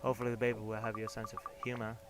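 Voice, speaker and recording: A man's voice: lowish voice, completely flat delivery, rapid-fire, close to an everyday voice. A man voicing a cheerful, chatty pregnant woman in a video game, with game music behind. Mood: welcoming. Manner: warm, chatty, welcoming.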